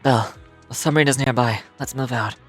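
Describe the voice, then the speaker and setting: A man's voice: mid-range voice, fairly even intonation, brisk, close to an everyday voice. An actor playing an eager young man in a game, upbeat and encouraging, over background music. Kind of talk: dubbed game dialogue.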